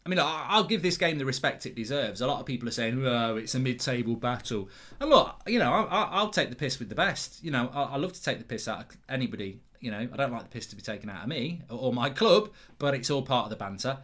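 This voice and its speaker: A man's voice: mid-range voice, sing-song, fast talker, few pauses, a bit bright. A man hosting a live football watchalong, chatty and teasing, reading out viewer comments with lots of stammered restarts.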